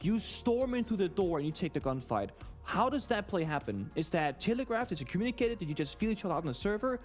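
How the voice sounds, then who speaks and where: A man's voice: sits high, sing-song, quick pace, faint music behind. A man analysing gameplay and asking detailed questions on an esports broadcast. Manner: detailed, inquisitive.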